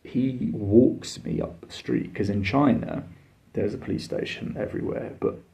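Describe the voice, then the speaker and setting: A man's voice: on the low side, normal speed, creaky, warm tone, highs cut off. A man tells a travel story in a casual, blunt and sweary way, full of fillers and exasperation. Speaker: travel vlogger.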